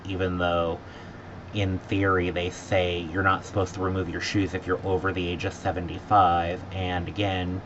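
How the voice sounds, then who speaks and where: Exasperated man ranting about a trip. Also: fairly bright tone. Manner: sarcastic, mimics airline staff in high voices. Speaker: vlogger. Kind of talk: exasperated travel rant. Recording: dull lo-fi audio with faint background noise.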